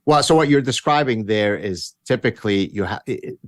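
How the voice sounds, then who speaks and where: A man's voice: lowish voice, expressive, fairly quick, no echo, clean studio sound. A middle-aged man from Canada, a guest author, talking in a blunt, frank way and often restarting his sentences. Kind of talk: casual interview chat.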